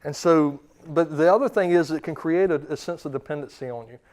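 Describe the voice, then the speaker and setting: Brief: male dog trainer lecturing clients, casual and repetitive, fairly high voice. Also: a little fast, darkish tone. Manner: conversational, repeats words, often checks in with "okay?".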